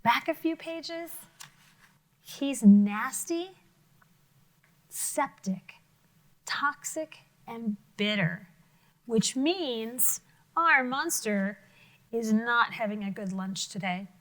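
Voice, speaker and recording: A woman teacher reading a picture book aloud to children, expressive and full of questions to her listeners, sometimes dropping to a whisper. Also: on the high side, very slow, long pauses, low-quality recording. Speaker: elementary school teacher.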